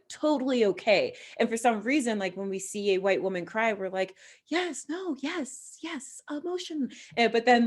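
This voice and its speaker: A woman hosting a conversational podcast interview, telling stories animatedly and acting out the voices she quotes. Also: mid-range voice. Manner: animated storyteller who acts out quoted voices. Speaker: podcast host.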